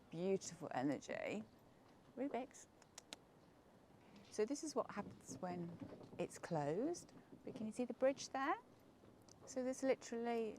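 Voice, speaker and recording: English woman, wheelchair vlogger, chatty and relaxed, noisy outdoor camera audio. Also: on the low side. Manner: chatty, often drops to a murmur. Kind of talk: casual outdoor vlog narration. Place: outdoors on a quiet clifftop.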